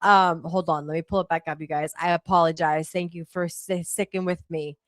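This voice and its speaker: A woman's voice: lowish voice, fairly even intonation, brisk, no echo. A woman hosting a live stream, chatting casually and apologizing in a frazzled, swearing way. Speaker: livestream host.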